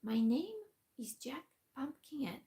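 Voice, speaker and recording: A woman voicing a naive, cheerful pumpkin-headed man in a soft whispered role-play. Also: high-pitched, sing-song, takes it slowly, heavily acted. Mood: innocent. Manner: innocent, mild and smiling.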